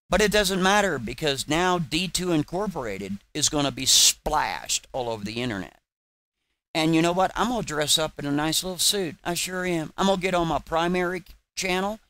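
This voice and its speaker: A man's voice: a little high, fairly bright tone. Sarcastic man ranting on a livestream. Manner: combative, sarcastic, repeats taunts. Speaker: channel host.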